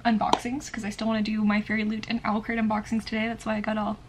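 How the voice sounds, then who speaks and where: A woman's voice: mid-range voice, completely flat delivery, fast, background noise. A woman chatting casually in a home vlog about books and her day, using lots of "like". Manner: chatty, filler-heavy, lots of "like". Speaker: book vlogger.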